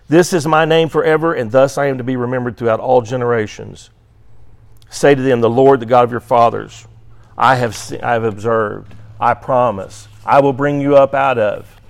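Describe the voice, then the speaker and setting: A man teaching an adult Sunday school class, reading scripture aloud with emphasis and checking in with "right?". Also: mid-range voice. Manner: reads scripture aloud with emphasis, frequent "right?" tag questions; occasionally clears throat. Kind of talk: Bible class lecture.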